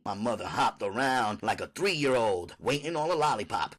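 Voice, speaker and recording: A man reading an audiobook in first-person narration, his pitch moving freely through the lines. The delivery is animated and steady, mid-range in voice. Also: moderate pace, hardly any pauses.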